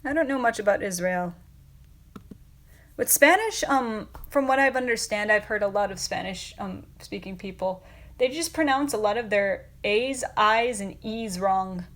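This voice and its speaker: A woman with a mid-range, fairly bright voice talks at normal speed while hosting a casual livestream. She chats with viewers in a rambling way, full of fillers and frequent laughter.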